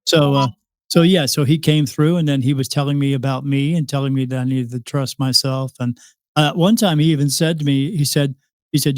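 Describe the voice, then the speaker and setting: A man tells a long, rambling story as a guest on a casual podcast, often stopping to restart and to act out what was said. His voice sits at a middle pitch. The recording is dry and close, with little room sound. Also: fairly even intonation, brisk, no echo. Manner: rambling, with many restarts and quoted dialogue. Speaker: psychic medium guest.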